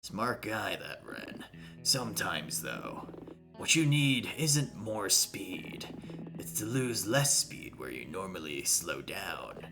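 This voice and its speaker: A man voicing a gruff, cryptic older custodian in a game, speaking low, clipped, grumbling lines. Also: sing-song, slow, music in the background, full character voice. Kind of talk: reading game dialogue aloud.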